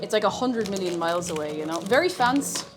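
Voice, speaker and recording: Chatty woman, lively up-and-down voice. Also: mid-range voice, quick pace, music in the background. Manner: chatty, self-mocking, talks to viewers while baking. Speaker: streamer. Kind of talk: live-stream baking chat. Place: home kitchen.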